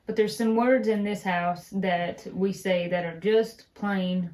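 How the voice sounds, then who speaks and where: A woman's voice: mid-range voice, fairly even intonation, slow, darkish tone. A woman with an Appalachian accent, co-hosting a casual chat and explaining words in an easygoing way. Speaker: co-host.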